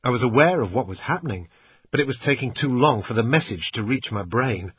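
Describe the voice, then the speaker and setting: A man with a husky voice narrating a thriller in the first person, in a tense, gritty way. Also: mid-range voice, dry recording. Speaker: audiobook narrator. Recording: muffled lo-fi recording, dry.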